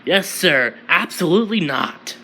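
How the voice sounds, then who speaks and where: A man voicing an erratic male villain who keeps contradicting himself in a high, excited voice. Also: a little slow, background noise. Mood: manic. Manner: shrill, flips between yes and no.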